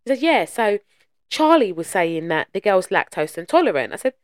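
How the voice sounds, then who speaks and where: A woman co-hosting a chat podcast, telling stories with a swooping, expressive pitch and plenty of swearing. Her voice is close and dry, with little room sound around it. She speaks at an even middle pitch. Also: moderate pace, dry recording. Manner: animated storyteller who swears freely. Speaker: podcast co-host. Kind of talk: casual chat.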